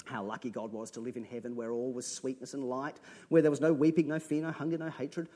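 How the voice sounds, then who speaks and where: A man's voice: medium pitch, level tone, fast talker, mellow. A man preaching a sermon, earnest and conversational, breaking from dramatic readings into plain asides to his listeners.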